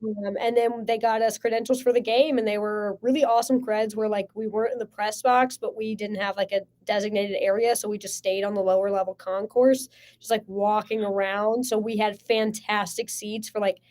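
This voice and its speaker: A woman in her twenties, a sports media guest, telling stories in casual podcast chat with lots of "like" and excited bursts. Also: mid-range voice, a little fast. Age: 20s. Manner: excited, heavy use of "like", lively storytelling.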